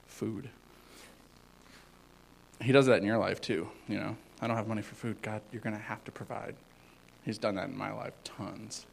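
A man giving an informal sermon as a youth pastor, rambling with many fillers and swinging between loud and hushed. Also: fairly low pitch, steady tone, normal speed, gravelly, long pauses, poor audio.

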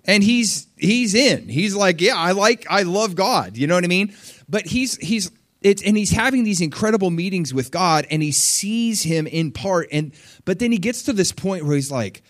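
A young man preaching a sermon in a conversational, animated way, acting out quotes and asking the congregation questions. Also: moderate pace, no echo, clean studio sound. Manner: animated, conversational, acts out quotes with big pitch leaps.

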